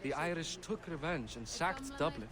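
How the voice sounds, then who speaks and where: A man's voice: fairly high pitch, animated, normal speed, crowd noise, natural voice. An actor playing a proud, hearty middle-aged Norse king in a video game. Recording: game audio over loud city ambience.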